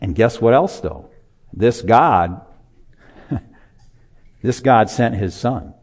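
A male preacher delivers a sermon in church with an animated voice that swings widely in pitch. He breaks into casual asides and chuckles with the congregation before pressing his point. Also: slow pace.

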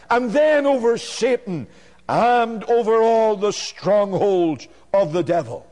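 A man preaching a sermon in a measured, emphatic way, building on repeated phrases. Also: very high-pitched, a little mellow, big-room sound.

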